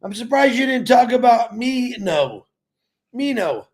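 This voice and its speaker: A man's voice: very high voice, very animated, unhurried. A man co-hosting a casual live stream, chatty and playful. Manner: chatty and playful, laughing often.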